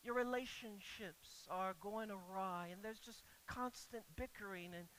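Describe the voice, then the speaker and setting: Bright, emphatic preacher delivering a sermon. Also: medium pitch, measured pace, slight background noise, rough recording. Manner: rises to loud, emphatic rhetorical questions, then drops quiet; stammers and repeats words when stressing a point.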